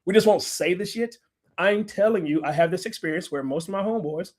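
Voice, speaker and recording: A middle-aged American man addresses a live audience bluntly, rambling and swearing nonstop in loose, profane talk to the room. His voice is high, brisk and a little mellow.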